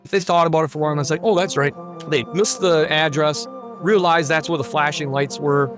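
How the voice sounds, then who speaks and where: Guy rushing through his near-death testimony, earnest and vivid, soft music behind. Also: fairly high pitch, steady tone. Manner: earnest, vivid, emphatic retelling. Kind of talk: personal testimony storytelling.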